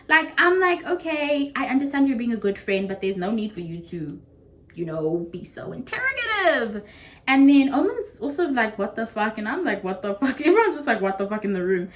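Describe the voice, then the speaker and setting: A young woman from South Africa with a South African accent, telling a story casually to camera and acting out what others said. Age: young adult. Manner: animated, acts out quotes with big pitch jumps. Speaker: YouTuber.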